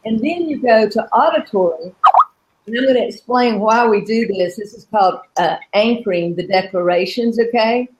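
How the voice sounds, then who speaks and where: A middle-aged woman coaching an online audience, her voice sitting a bit high. She talks earnestly and explains each step of an affirmation exercise. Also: moderate pace, a little mellow, a little hiss or hum, rough recording. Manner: earnest, repeats affirmations with shifting emphasis. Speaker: coach and host. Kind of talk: live coaching webinar talk.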